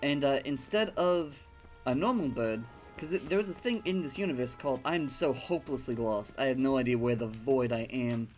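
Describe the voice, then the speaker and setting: A man's voice: mid-range voice, moderate pace, darkish tone, soft background music. A man chatting casually while playing a video game, rambling through a story with lots of fillers and the odd swear. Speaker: gaming streamer. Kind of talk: casual let's-play commentary.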